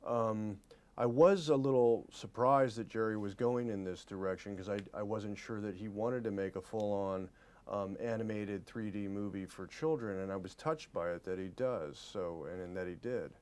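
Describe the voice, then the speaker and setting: A man in his forties giving a press interview as an actor, earnest and halting, often repeating his words. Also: fairly low pitch, a little mellow, clear, resonant tone.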